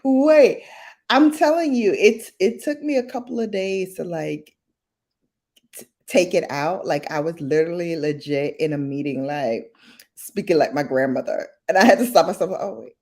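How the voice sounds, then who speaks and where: A woman's voice: low voice, moderate pace. A young woman with a Brooklyn accent, chatting as a podcast host and acting out her relatives as she tells stories. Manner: animated storyteller, acts out relatives in voices. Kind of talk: casual chat.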